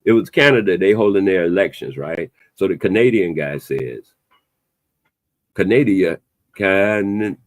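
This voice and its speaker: A man, hosting an opinionated podcast chat in an emphatic, animated way. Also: deep voice, normal speed, hardly any pauses, no room sound. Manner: animated, emphatic, loose conversational delivery with a playful edge. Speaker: podcast host.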